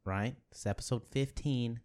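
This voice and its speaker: A man's voice: medium pitch, normal speed, darkish tone. A man hosting a comedy podcast, hyping the show in a goofy showman manner. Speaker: podcast host. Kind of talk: casual comedy podcast chat.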